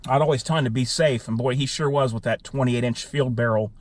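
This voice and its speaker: A man vlogging from his car, telling a funny story in a casual, animated way and often repeating "I said.". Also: mid-range voice, fairly quick.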